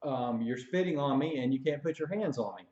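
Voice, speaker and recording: A man voicing a calm, polite young male army recruit who stands firm. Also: mid-range voice, fairly quick, close to an everyday voice. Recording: dull echoey room recording.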